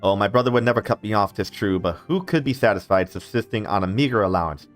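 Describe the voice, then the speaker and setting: A man's voice: lowish voice, animated, fast, faint music behind, lightly acted. A man voicing a pompous, spoiled young nobleman, the second son, in a hammy affected posh drawl. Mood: grandiose.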